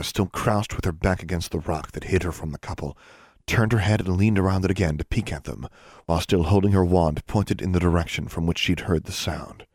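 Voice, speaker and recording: A man narrating an audiobook in a steady, even storytelling manner. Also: deep voice, slightly rough, dry recording, clean studio sound. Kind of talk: scripted narration.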